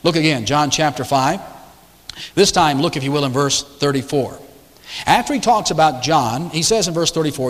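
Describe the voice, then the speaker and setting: A male pastor preaching to his congregation, driving his points home with rhetorical questions and repeated phrases. His voice sits a little high for a man. It rings with the long reverb of a large church auditorium. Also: lively intonation, fairly quick. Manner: rhetorical, building questions and emphatic repetition. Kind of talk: sermon. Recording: echoey large hall.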